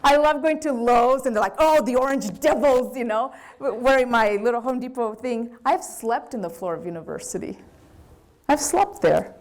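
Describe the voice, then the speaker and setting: A woman with a Brazilian accent, a business owner giving a candid, animated lecture to students. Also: fairly high pitch, normal speed. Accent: Brazilian Portuguese. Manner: animated, candid storytelling with acted quotes.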